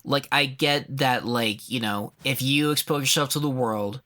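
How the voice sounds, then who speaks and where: A podcast co-host chatting casually in an animated, profane way with quick asides. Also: mid-range voice. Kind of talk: casual chat.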